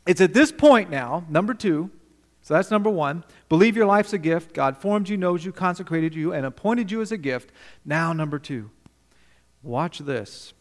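A male pastor delivers a sermon in a notably high voice, emphatic and direct with his congregation. The sound carries the long echo of a large hall. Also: animated, normal speed. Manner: emphatic, questions the congregation, swings between loud and quiet.

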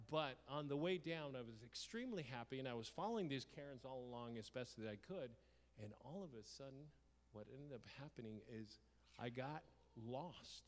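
A man preaching through a personal story, lively and theatrical, breaking into the voices of the people in it. His voice sits at an ordinary middle pitch. It rings out into a long hall reverb. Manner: lively, acts out his own shouts and dialogue. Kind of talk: storytelling sermon.

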